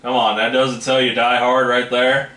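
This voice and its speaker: A man's voice: mid-range voice, level tone, normal speed, sharp tone. A man hosting a casual trailer reaction, rambling and hedging as he talks. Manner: rambling, hedging with "you know what I mean". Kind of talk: casual chat. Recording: echoey room with faint noise.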